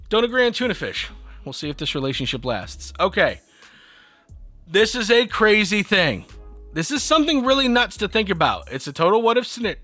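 A young man co-hosting a podcast, telling stories in a lively casual way and acting out quotes. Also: a little high, no room sound. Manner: animated storyteller, acts out childhood quotes. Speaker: podcast co-host. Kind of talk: casual chat.

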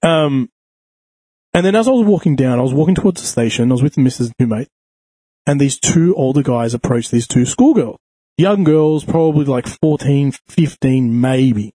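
A man telling a crude, animated story in casual chat, swearing freely. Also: medium pitch, normal speed, no echo. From Australia.

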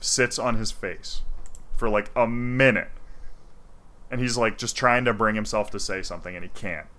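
A man in casual chat, retelling a game's story in an animated, profane way. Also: lowish voice, normal speed. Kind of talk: casual chat retelling a video game plot.

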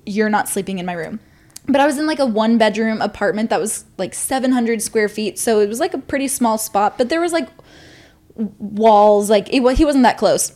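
A woman's voice: fairly high pitch, brisk, darkish tone. A young woman co-hosting a podcast, telling a story casually, swearing freely and acting out what people said. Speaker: podcast co-host.

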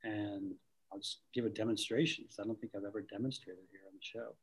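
This Boston-area acting coach speaks in a somewhat low, husky voice, a bit quickly and with fairly steady intonation. He's thoughtful in a conversational interview, restarting his sentences often. The recording quality is rough.

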